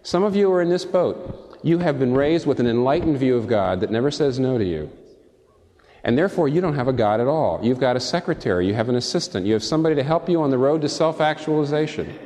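A man preaching a sermon with passion. He swings between high, emphatic peaks and soft, low asides, and he asks his listeners direct rhetorical questions. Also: animated, quick pace. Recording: long reverb from a large hall.

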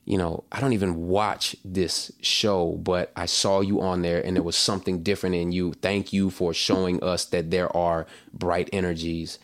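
A man's voice: sits low, level tone, moderate pace, few pauses. A man chatting as a musician guest in an interview, loose and rambling, full of fillers like "like" and "you know". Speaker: singer-songwriter guest. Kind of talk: casual interview chat.

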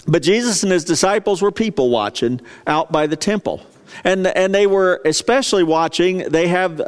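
Conversational pastor in an echoing hall. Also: male voice, fairly high pitch, clear, resonant tone. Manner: conversational, storytelling, asks the congregation questions. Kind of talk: sermon. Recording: long reverb of a large hall.

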